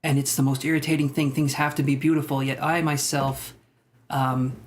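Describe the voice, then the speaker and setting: A man's voice: medium pitch, flat delivery, normal speed, slight background noise. A young man hosting a live stream, chatting casually with viewers and rambling with self-deprecating jokes. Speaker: tarot livestream host. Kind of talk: casual live-stream chat reading comments.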